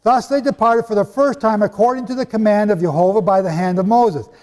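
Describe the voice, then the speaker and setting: A man preaching a sermon in a hall with an audience, animated and conversational, with asides to his listeners. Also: sits high, fairly quick. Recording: long hall reverb.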